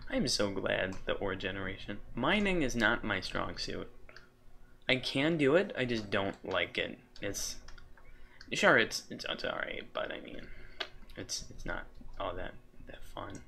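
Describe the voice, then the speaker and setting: Male let's-play host, unhurried, rambling and self-amused. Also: lowish voice, very animated, vocal fry, bright, forceful tone. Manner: rambling, trails off and restarts mid-thought; easily delighted, chuckles at himself. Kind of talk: casual gameplay commentary.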